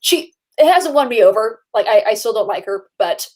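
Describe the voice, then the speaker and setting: A woman's voice: fairly high pitch, normal speed. Sleepy, chatty woman discussing a film. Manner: relaxed, chatty, lots of likes and laughter. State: sleepy, yawning. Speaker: podcast co-host. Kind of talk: casual movie discussion.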